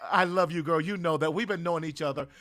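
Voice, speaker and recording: A middle-aged man from Southern California runs a live-streamed podcast launch party. He talks in a high-set voice, casual and full of slang, and keeps up a stream of hyped calls for viewers to join in. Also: fast, crowd noise. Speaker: podcast host.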